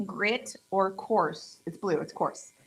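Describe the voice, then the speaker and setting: A nail tech with a Mexican accent, a native Spanish speaker, chats and jokes through a casual live demo of nail tools, tossing in playful asides. Her medium-pitched voice is slow, creaky and a bit breathy, and the recording quality is low.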